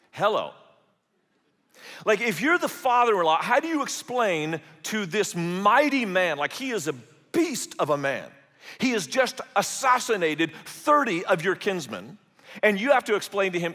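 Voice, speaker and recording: A man's voice: high-pitched, sing-song, normal speed, pushed and bright. A man preaching a sermon, telling the story with animation and briefly acting out the characters' voices. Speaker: pastor. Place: church auditorium. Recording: large hall with long reverb.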